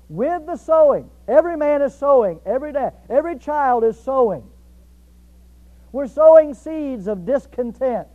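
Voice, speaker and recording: A man preaching a sermon emphatically, repeating key phrases and swinging between loud stress and quiet asides. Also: very high-pitched. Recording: dull lo-fi recording.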